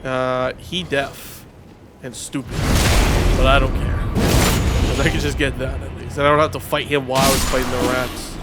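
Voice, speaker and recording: Excitable man streaming a video game. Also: medium pitch, moderate pace. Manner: excitable, rambling, slangy, talks to chat. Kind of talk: casual live gaming commentary. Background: game music.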